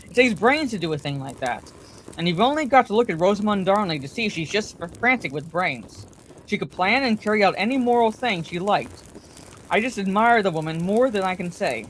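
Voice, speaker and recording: A woman's voice: medium pitch, a little hiss or hum, close to an everyday voice, rough recording. A woman voicing a gushing, gossipy middle-aged wife who chatters on, self-satisfied, in a bedtime story reading.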